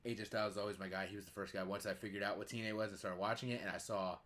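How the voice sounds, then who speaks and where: A man's voice: on the low side, steady tone, racing, fairly bright tone. A young man in his twenties hosting a podcast, telling rambling stories full of fillers. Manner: rambling, filler-heavy storytelling. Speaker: podcast host. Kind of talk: casual podcast chat.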